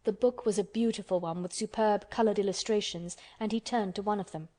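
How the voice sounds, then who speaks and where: A woman narrates an audiobook in a calm, measured manner. Her voice sits at a middle pitch for a woman. The delivery is steady and clearly scripted.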